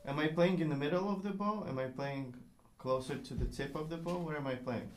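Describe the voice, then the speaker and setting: A man's voice: a little high, a little fast, over loud music. Encouraging male violin teacher, not a native speaker. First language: not English. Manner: encouraging, patient, sings rhythms aloud. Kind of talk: one-on-one music lesson.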